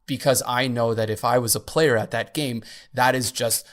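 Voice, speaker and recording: A man with a mid-range voice co-hosts a casual podcast. He talks earnestly and works his way through his points, often pausing with "um" and "like." His delivery is relaxed and conversational. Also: medium pitch. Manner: earnest, with fillers. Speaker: podcast co-host.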